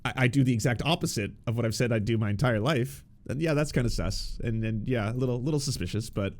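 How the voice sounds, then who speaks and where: A man's voice: medium pitch, fast talker. A man giving casual, sarcastic political commentary, often restarting his words.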